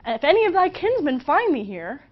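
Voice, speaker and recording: A woman's voice: high-pitched, sing-song, fairly quick, voice pushed up. A woman voicing young Juliet, declaiming verse dramatically in a raised voice. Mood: impassioned. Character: young lovestruck girl Juliet, impassioned. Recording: slightly dull lo-fi recording.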